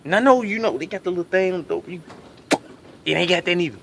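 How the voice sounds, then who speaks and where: A man telling a comedic story in an animated, profane way. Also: high voice, fast talker, slight background noise.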